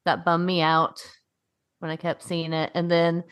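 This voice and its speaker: A woman's voice: fairly low pitch, completely flat delivery, unhurried, smooth, dry recording, studio quality. A young adult woman co-hosting a podcast in a casual chat, rambling, laughing often and swearing in passing. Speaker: podcast co-host.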